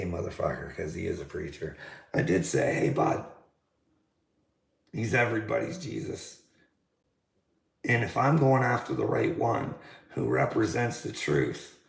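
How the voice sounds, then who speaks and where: Pissed off guy ranting on his vlog, gravelly voice, lots of swearing, echoey room. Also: medium pitch. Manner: angry, heated, swearing a lot. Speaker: vlogger. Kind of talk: profane ranting monologue.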